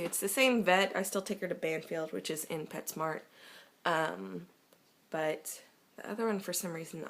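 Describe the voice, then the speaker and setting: A woman's voice: on the low side, gravelly. A woman vlogging in a casual, chatty way, laughing often as she talks. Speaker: beauty vlogger. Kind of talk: casual vlog chat.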